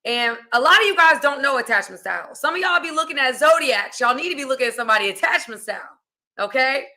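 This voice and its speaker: Young american woman hosting a stream, bright edgy voice, kinda high, chatty and lively. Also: fast. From United States. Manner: lively, chatty, addresses audience as y'all. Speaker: host. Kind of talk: casual livestream chat.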